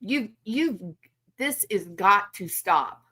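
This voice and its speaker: Slow and husky, with a mid-range pitch, a sharp tone and an animated delivery, a woman hosts a commentary channel. Her indignant monologue drips with outrage and sarcasm, and she speaks directly to the subject of her criticism.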